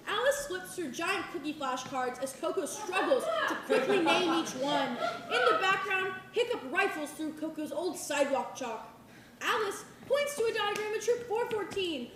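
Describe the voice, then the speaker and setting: A woman reading the stage directions at a live play reading in a clear, measured way. Her high voice rings in an echoey hall, with a faint hiss under it.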